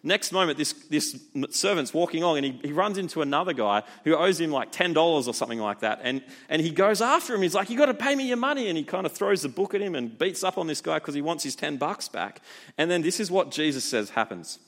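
A man preaching a sermon in a relaxed, conversational way, often asking rhetorical questions. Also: a little high, brisk. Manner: animated, informal, asks rhetorical questions.

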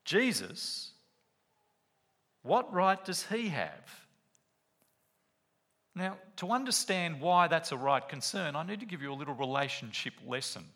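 A man's voice: fairly high pitch, a little slow, pauses often. A man preaching a sermon, walking through a Bible passage and acting out quotes as he tells a story. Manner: animated storytelling with acted-out quotes.

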